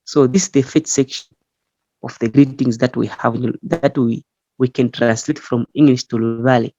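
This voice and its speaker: A man from Zambia teaching a language in an online class, explaining slowly and patiently with frequent fillers. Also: mid-range voice, steady tone, warm tone, dry recording. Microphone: online call. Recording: muffled online call audio.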